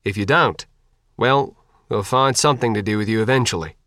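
A man reading an audiobook, voicing a calm, practical middle-aged father who leads a group of survivors. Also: lowish voice, fairly quick, dry recording. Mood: reassuring. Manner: steady, dry, explanatory.

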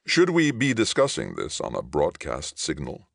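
A gruff, weary older leader, voiced by a male reader, resigned and blunt. The voice sits very low with a gravelly rasp. It sounds dry and close. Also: huge pitch swings, normal speed, no echo, exaggerated voice.

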